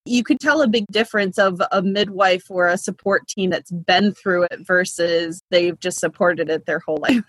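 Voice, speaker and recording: A woman's voice: fairly low pitch, normal speed, hardly any pauses, husky, no echo. A woman in her thirties, a midwife, chatting as an interview guest with loose fillers and easy laughs. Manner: chatty, laughs between thoughts, many "like" fillers. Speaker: midwife and business consultant.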